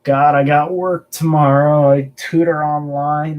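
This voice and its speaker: A man's voice: fairly high pitch, level tone, unhurried, muffled recording. A young man from the American South hosts a loose live stream, answering viewers in an easygoing, rambling way. His talk is casual and peppered with swearing. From Southern United States. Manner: laid-back and rambling, swears freely. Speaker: collectibles channel host.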